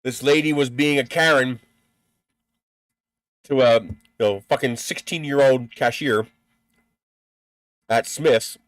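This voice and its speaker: A man's voice: mid-range voice, slow pace, pauses often, no room sound. A man hosting a live stream in casual chat, blunt and profane, who laughs at his own stories.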